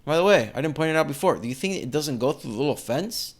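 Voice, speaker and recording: A man talks over video clips in a casual, indignant way. His pitch moves a lot, rising and falling as he reacts. His voice sits a little high for a man. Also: lively intonation, fast. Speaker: commentator.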